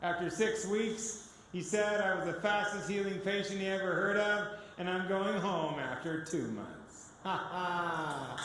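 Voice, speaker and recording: High, bright-voiced man in an echoey hall. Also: background noise. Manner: animated, laughs often, acts out dialogue. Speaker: guest speaker. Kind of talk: personal testimony storytelling.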